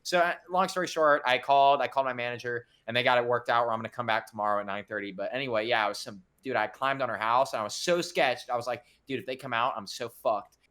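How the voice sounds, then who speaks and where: Young man, casual storytelling, fast, bright voice, swears a lot, acts out the voices. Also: mid-range voice, clean tone. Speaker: podcast co-host telling a story.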